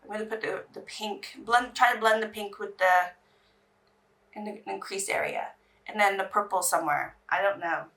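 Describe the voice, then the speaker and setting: A woman's voice: medium pitch, moderate pace, a bit bright, recorded from a distance. A woman from England, chatting in a rambling way while doing her makeup on camera. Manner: chatty, rambling, restarts sentences. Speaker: beauty vlogger.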